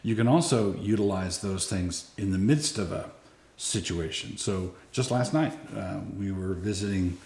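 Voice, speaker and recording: A man's voice: low-pitched, a little slow, a little mellow. An older man, a grandfather, explaining parenting practice casually, with hesitations and restarts. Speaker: parenting speaker. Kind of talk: casual conversational advice. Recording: roomy echo.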